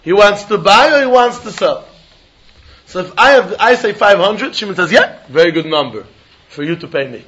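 Animated Talmud teacher with lilt. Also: male voice, sits high, moderate pace. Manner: sing-song study-hall explaining, acting out both sides of a deal. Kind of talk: animated Talmud class lecture.

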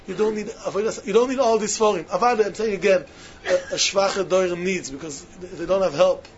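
A man with giving a sermon-style talk to yeshiva students, emphatic and repetitive, swinging between loud stresses and hushed asides, on a muffled lo-fi recording. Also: sits high, fast. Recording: muffled lo-fi recording with faint hiss.

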